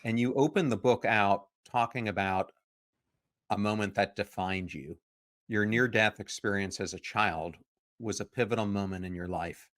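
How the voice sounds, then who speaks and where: A man hosting a podcast, reading an upbeat intro and then asking a measured question. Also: lowish voice, fairly bright tone. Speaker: podcast host.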